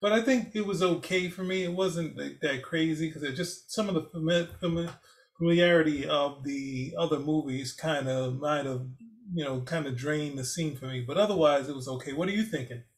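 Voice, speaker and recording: A man's voice: a little high, fairly quick. Easygoing man co-hosting a film review. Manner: easygoing, laughs as he talks. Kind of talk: casual review chat.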